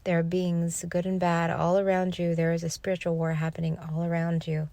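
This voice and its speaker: A woman's voice: on the low side, monotone, fairly quick, warm tone, dry recording. A woman hosting a podcast, telling a personal spiritual story in an earnest, reflective way. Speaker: podcast host.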